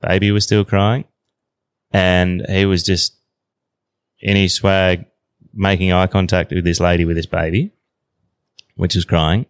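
A man in his thirties with an Australian accent, telling a story as a podcast guest in a relaxed, slangy way. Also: low voice, unhurried, long pauses, clean tone, no echo. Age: 30s. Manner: relaxed yarn-spinning, slangy. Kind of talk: casual storytelling.

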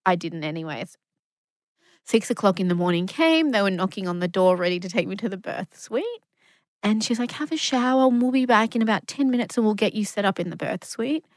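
A woman's voice: mid-range voice, fairly quick, no echo. A woman, a guest telling her story casually, acting out what others said and swearing freely. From Australia. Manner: animated storyteller, acts out quotes, swears casually.

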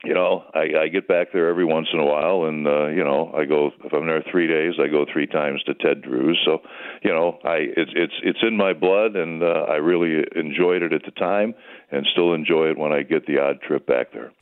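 Very deep older man on a tinny phone line. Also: fairly even intonation, moderate pace. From United States. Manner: easygoing, rambling storyteller. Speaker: sports broadcaster guest. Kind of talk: phone-in radio interview.

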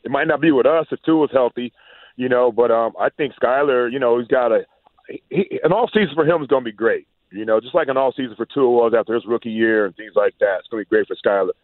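A man's voice: medium pitch, quick pace, no echo, narrow, tinny audio. A man who played the game and now analyses it on radio, chatting casually and dropping "man" and "you know" all through. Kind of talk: casual sports chat.

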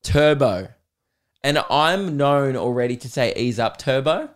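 A young man with an Australian accent talks through a casual podcast monologue. His voice is a medium pitch for a man. He swears freely and keeps amusing himself as he rambles. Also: lively intonation, unhurried. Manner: swears freely, self-amused, breaks into laughter. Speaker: comedian podcast host.

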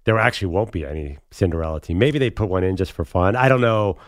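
A man co-hosting a studio sports talk show, arguing his point in a fast, emphatic way. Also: deep voice, dry recording. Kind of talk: casual studio debate. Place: studio set.

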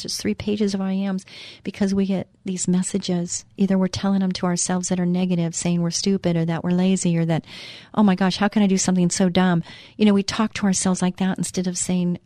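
Earnest faith talk-show hostess. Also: female voice, fairly low pitch, mellow, dry recording, studio quality. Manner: earnest and heartfelt, with frequent fillers and restarts. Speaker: radio show host. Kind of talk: inspirational Christian talk.

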